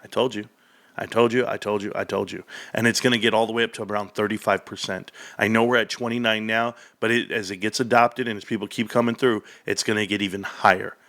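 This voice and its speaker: A man giving excited solo commentary on a company's earnings, emphatic and repetitive, talking straight to his viewers. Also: lowish voice, quick pace. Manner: hyped, emphatic, repeats phrases, addresses viewers as guys. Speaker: stock commentary youtuber.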